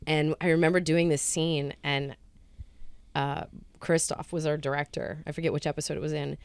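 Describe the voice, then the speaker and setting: A woman's voice: deep voice, normal speed, clean tone, dry recording. A woman in her thirties from Rhode Island, a guest actress telling stories in casual chat and acting out the quotes. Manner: animated storyteller acting out quotes.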